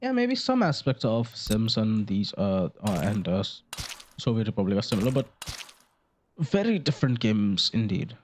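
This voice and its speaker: Speaking at a moderate pace, this young man of about eighteen from India has a lowish, slightly mellow voice with big swings in pitch. He makes gaming videos, recording on a desk microphone with slight background noise, and his commentary is rambling and jokey, peppered with fillers and now and then a curse.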